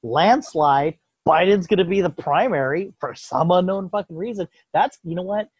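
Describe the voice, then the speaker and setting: A man's voice: high voice, moderate pace, breathy edge, dry recording. A man in casual political chat, ranting with lots of swearing and mock voices. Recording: dull lo-fi dry sound.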